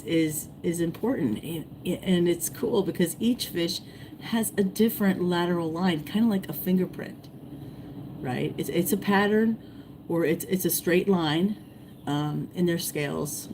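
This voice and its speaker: A woman hosting a casual fishing livestream, rambling and repeating herself, her voice going hoarse as she greets viewers. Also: on the low side, background noise. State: losing her voice, clearing throat. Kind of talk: casual live-stream chat.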